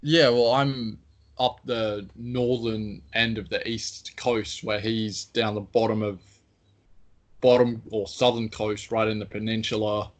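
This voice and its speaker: A man's voice: on the low side, flat delivery, unhurried. A man with a Queensland Australian accent, co-hosting a podcast in a rambling, self-deprecating casual chat. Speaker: podcast co-host.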